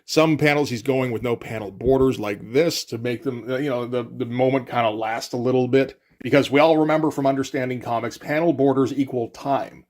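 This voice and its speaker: A man's voice: mid-range voice, fairly even intonation, fairly quick, hardly any pauses, a little mellow. Man giving wry, rambling comic commentary. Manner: wry, rambling, frequent fillers. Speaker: comic reviewer.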